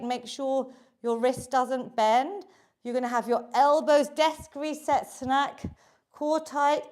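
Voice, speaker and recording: A middle-aged British woman with a high voice leads a live online exercise class. She cheers her students on and cues each inhale and exhale. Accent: British English. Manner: encouraging, cueing breaths and counts. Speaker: fitness instructor. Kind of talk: live online workout instruction.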